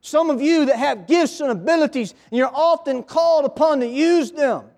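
High-voiced preacher calling for amens. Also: male voice, moderate pace, darkish tone. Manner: call-and-response, storytelling. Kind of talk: sermon. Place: church.

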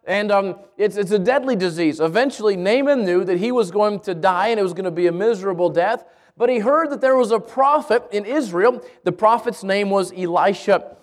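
Male pastor, high voice, energetic storytelling sermon with lots of restarts. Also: fairly quick. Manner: lively storytelling with repeated restarts. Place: church in Albuquerque.

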